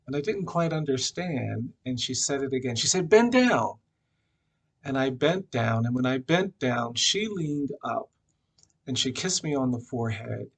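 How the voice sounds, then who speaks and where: Gravelly-voiced man telling a personal story. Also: mid-range voice, lively intonation, fairly bright tone. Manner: reflective, unhurried, frequent "uh" fillers. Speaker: memorial speaker.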